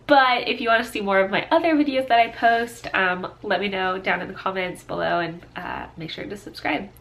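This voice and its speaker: A woman's voice: medium pitch, fairly bright tone. A young woman in her twenties, a stay-at-home mom, talking through tears in a casual personal vlog; she sounds congested and sniffly and rambles with many fillers and restarts.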